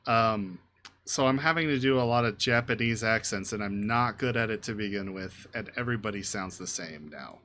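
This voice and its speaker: Bright-voiced, self-deprecating game master. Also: male voice, fairly low pitch, moderate pace, slight background noise. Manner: self-deprecating, hesitant, easy laughter. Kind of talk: casual chat between game masters.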